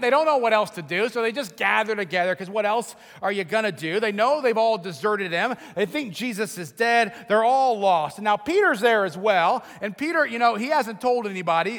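A man preaching a sermon, telling the story dramatically and acting out the voices, building to shouts. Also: very high-pitched, creaky, in a large hall. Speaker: pastor.

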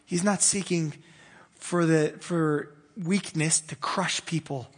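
A man with a high voice preaches a sermon, talking conversationally and swinging between fervent bursts and quiet, hushed stretches. His voice rings out in a hall with a long reverb. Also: fairly even intonation, slow. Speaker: pastor.

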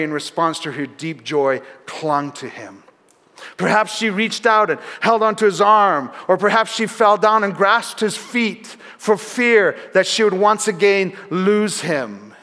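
A man delivers an earnest sermon in a church sanctuary, his fairly high voice trailing off into long reverb. He tells the story warmly and drops softer on key words for emphasis. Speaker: pastor.

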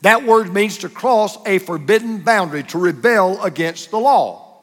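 A man's voice: sits high, lively intonation, normal speed, a bit bright, big-room sound. A man preaching a sermon as pastor, emphatic and driving his points home with short repeated contrasts.

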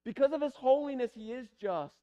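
High-voiced preacher man, pleading. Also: expressive, fairly quick, mellow, highs cut off. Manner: pleading, building to emphatic repetition. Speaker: pastor. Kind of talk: sermon. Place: church sanctuary.

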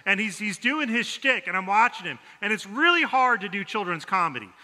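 Bright-voiced storytelling pastor in a hall. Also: male voice, sits high, expressive, fairly quick. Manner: storytelling, self-deprecating humor. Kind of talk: conversational sermon with stories. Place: church sanctuary. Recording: long hall reverb.

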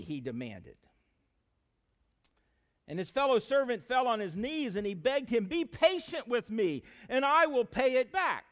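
A pastor preaching a sermon, speaking with emphatic rises and drops and addressing the congregation directly as friends. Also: male voice, extremely high pitch, sing-song, measured pace, fairly bright tone.

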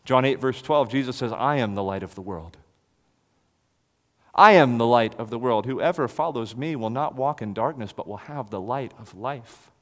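A man's voice: mid-range voice, moderate pace, few pauses. Man preaching in a reverberant hall. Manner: dramatic swings from loud to hushed. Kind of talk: expository sermon.

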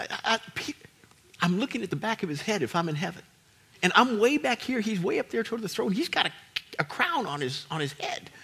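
Husky high-voiced preacher, hushed to shouting. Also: male voice. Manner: swings from hushed to shouting, repeats words for emphasis. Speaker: pastor. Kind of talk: sermon.

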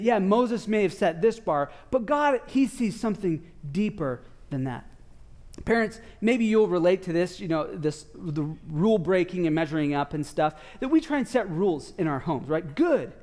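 A man in his thirties, a father and pastor, preaching a conversational sermon and telling family stories with asides to the congregation. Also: high voice. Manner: conversational, animated storytelling with asides to parents.

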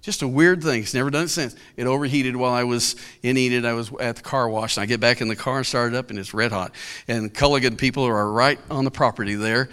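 Preacher, male, folksy and chuckly, bright forceful tone, sermon storytelling. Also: medium pitch, steady tone, fast talker, smooth. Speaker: pastor.

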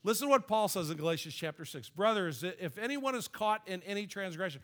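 A man's voice: high-pitched, lively intonation, a little fast, fairly bright tone. A middle-aged man preaching a sermon in a conversational, storytelling way. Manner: conversational, storytelling, with light laughs and restarts. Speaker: pastor.

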